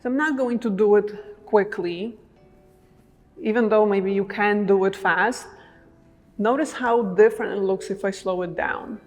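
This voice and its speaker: A woman's voice: mid-range voice, unhurried, pauses often, darkish tone, faint music behind. Woman dance teacher in a reverberant room. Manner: encouraging, casual, frequent "like" and "right?". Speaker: dance instructor. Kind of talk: instructional talk with demonstrations.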